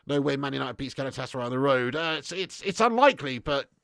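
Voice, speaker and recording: A man's voice: mid-range voice, lively intonation, quick pace, vocal fry, fairly bright tone, no echo, clean studio sound. A tired man hosting a live football watch-along, reading viewer messages with sweary, blokey banter. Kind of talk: live stream chat reading super chats.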